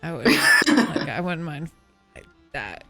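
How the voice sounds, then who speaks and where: A woman's voice: deep voice, big pitch swings, slow, over music. A woman narrating as game master of a tabletop game, hesitant and full of fillers.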